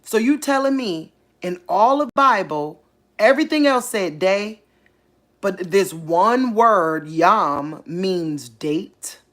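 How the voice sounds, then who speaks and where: A woman, hosting a casual faith channel, talking excitedly and thinking aloud, repeating herself as she works things out. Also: mid-range voice, slow. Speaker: online faith channel host. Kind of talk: casual livestream talk.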